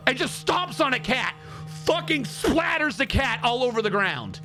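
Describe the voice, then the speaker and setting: A man's voice: very high-pitched, animated, normal speed, pushed and bright, soft background music. A man streaming live, recapping in a sarcastic, profane, exasperated way. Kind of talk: casual livestream rant.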